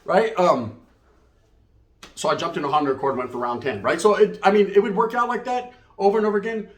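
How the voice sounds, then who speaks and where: Man, middle-aged, streetwise slang, fairly high voice, roomy echo. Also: fast talker. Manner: streetwise slang, tags lines with "right?". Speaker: storyteller. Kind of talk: comedic storytelling.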